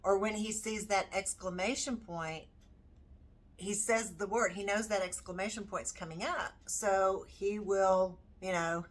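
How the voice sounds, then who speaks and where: A woman's voice: mid-range voice, steady tone. A homeschooling mother talking casually through her curriculum, thinking aloud with plenty of ums and you-knows. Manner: unhurried, thinking aloud with many fillers. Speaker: homeschooling parent.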